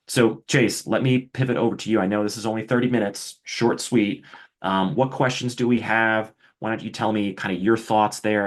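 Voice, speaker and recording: A middle-aged man explaining a trading indicator in a conversational webinar style, often asking rhetorical questions. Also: fairly low pitch. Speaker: trading educator.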